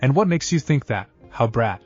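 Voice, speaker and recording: A man's voice: mid-range voice, lively intonation, moderate pace, slightly rough. A man voicing a playful, mocking grown woman ninja who chuckles at a boy, over dull lo-fi audio. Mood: teasing. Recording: dull lo-fi audio with faint music.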